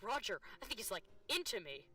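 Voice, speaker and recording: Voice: medium pitch, sing-song, fairly quick, sharp tone, far from the mic, poor audio. A streamer talking casually during a live stream, making chatty, self-mocking asides about the game.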